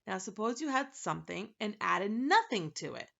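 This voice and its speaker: A woman's voice: mid-range voice, sing-song, moderate pace, vocal fry, a bit bright, highs cut off, heavily acted. A woman doing a fussy lecturing dodecahedron. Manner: precise, lecturing, self-satisfied. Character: fussy many-faced male dodecahedron.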